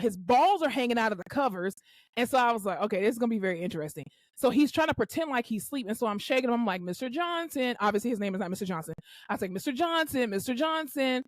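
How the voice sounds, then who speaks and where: A young adult woman co-hosting a podcast, telling a work story in casual chat and acting out the quotes with loud swearing. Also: on the high side, no room sound. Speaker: podcast co-host.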